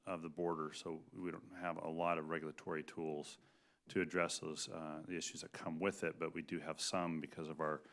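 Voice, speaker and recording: A man questioning witnesses at a committee hearing, talking in a halting, folksy way with many fillers and restarts into a desk microphone in a hearing room. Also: very deep voice, fairly bright tone. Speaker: congressman questioning a hearing panel.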